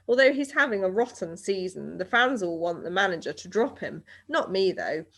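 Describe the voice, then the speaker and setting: A woman's voice: fairly low pitch, big pitch swings, moderate pace, a bit bright, full character voice. A woman reading aloud and voicing a skinny, chatty young boy, eager and friendly.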